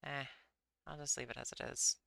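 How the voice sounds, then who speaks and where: Low, gravelly-voiced woman streamer, rambling. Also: fairly even intonation, normal speed, pushed and bright, no echo. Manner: rambling, self-deprecating, apologetic. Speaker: livestreamer. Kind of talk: casual rambling stream chat.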